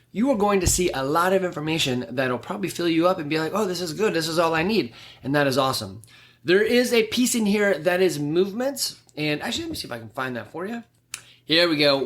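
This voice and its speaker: Chatty male fitness coach, fairly high voice. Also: a bit bright. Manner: conversational, explanatory, with many fillers. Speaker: fitness coach and podcast host. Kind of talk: casual solo podcast talk.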